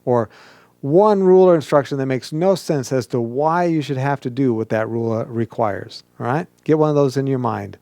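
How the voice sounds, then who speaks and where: A man's voice: mid-range voice, moderate pace, creaky, dark tone, no room sound. A male pastor giving an interactive sermon, coaching listeners to speak aloud and mimicking whiny questions.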